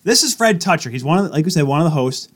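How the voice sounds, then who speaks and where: Lively high-voiced young man. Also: rapid-fire, slightly rough. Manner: teasing, excitable. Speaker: podcast co-host. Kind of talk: casual sports chat.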